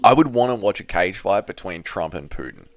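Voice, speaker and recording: A man's voice: low voice, animated, brisk, a little hiss or hum. A man from Australia with an Australian accent, casually reading chat and bantering with viewers on a live stream. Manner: banters with viewers, swears freely.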